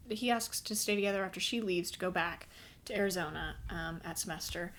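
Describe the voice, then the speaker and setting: A woman's voice: mid-range voice, normal speed. A woman reviewing a book in a casual vlog, retelling the plot in a sarcastic, incredulous way with plenty of fillers.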